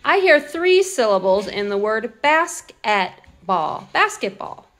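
A woman teacher showing hands-on classroom activities, sounding words out slowly and clearly. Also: fairly high pitch, very animated, fairly bright tone, faint music behind. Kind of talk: instructional demo.

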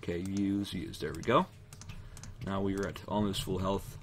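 Young male gamer, low-pitched, rambling let's-play talk, keyboard clicks behind. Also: fairly even intonation, moderate pace, background noise. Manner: rambling, jumpy, yelps when startled. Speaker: gameplay commentator. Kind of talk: casual let's-play commentary.

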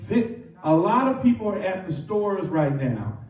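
A man's voice: high-pitched, big pitch swings, unhurried, highs cut off. A man preaching a sermon as pastor, leading his congregation to repeat phrases back to him. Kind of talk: call-and-response sermon. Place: church sanctuary. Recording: echoey church, mic from some distance.

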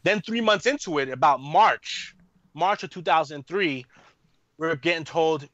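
A man in his thirties, a guest on an interview podcast, telling a story in a rambling, animated way with lots of fillers. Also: on the high side, a little slow, no room sound. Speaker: podcast guest, army veteran. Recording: muffled lo-fi, dry room.

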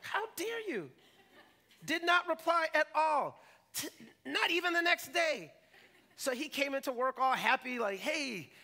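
High-voiced bright man preaching. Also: measured pace. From Jamaican family roots. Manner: animated, jokey, acts out quotes. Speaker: pastor. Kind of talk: sermon. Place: church stage.

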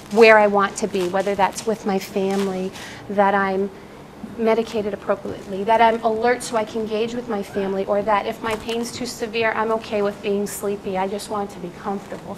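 A woman nurse presenting on palliative care to healthcare staff, telling stories with lively, animated shifts in voice. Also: slight background noise, low-quality recording. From United States. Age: adult. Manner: animated storytelling with lively jumps in pitch.

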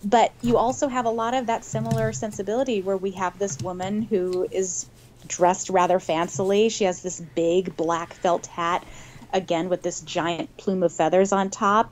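A woman's voice: fairly low pitch, fairly even intonation, moderate pace, slight background noise. Woman explaining art as a podcast guest. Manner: explanatory, laughs easily. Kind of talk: casual podcast chat.

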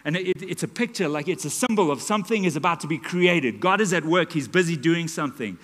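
A man, preaching a sermon in a church and telling a story dramatically, dropping to a hush and rising to loud calls. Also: on the high side, expressive, quick pace. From South Africa. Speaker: pastor. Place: church auditorium. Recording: live church hall reverb.

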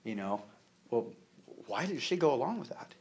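A man's voice: medium pitch, sing-song, normal speed. A man preaching a sermon in a conversational way, with humor, many fillers and repeated words. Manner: conversational, with humor and acted-out quotes.

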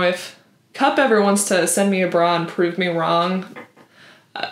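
A woman's voice: mid-range voice, roomy sound. A woman vlogger chatting casually and with some snark about products, with lots of ums and likes. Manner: chatty and snarky, with many fillers. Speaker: vlogger reviewing bras. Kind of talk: casual chat.

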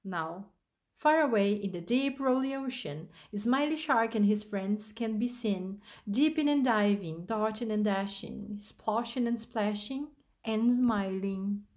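A woman reading a children's picture book aloud in a gentle, sing-song way. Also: medium pitch, unhurried. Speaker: storyteller.

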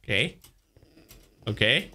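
A young man hosting a gaming video, patiently coaching a player through a course, excitable and laughing often. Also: takes it slowly. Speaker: gaming host.

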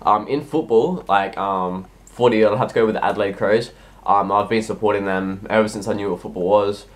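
This teen YouTuber, sick and coughing, has a lowish voice and fields viewer questions in a casual Q&A vlog. His answers come out halting and rambling, packed with ums and restarts.

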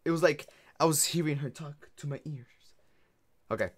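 A man's voice: a little high, normal speed, a little hiss or hum. A man streaming a video game, talking casually and rambling while often laughing at his own jokes. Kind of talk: casual gameplay commentary.

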